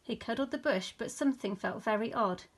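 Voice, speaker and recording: A woman's voice: a little high, slightly rough. Woman reading a bedtime story. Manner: slow, expressive storytelling. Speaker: teacher. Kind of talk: reading a bedtime picture book aloud.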